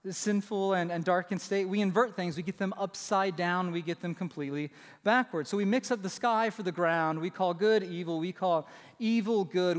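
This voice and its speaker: A male pastor delivers his sermon in a conversational way, often turning to the congregation with quick asides. His voice sits a bit higher than most men's. It rings out with a long reverb in a large church sanctuary.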